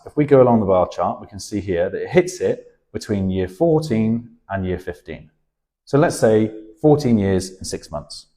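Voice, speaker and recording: A man's voice: on the low side, warm tone. A British man, a personal finance educator, explaining money over on-screen charts and walking through the figures step by step.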